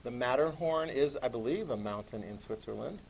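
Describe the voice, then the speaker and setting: A man teaching a class, lively and animated, asking students questions as he lectures. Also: mid-range voice, a little fast, vocal fry, noisy background.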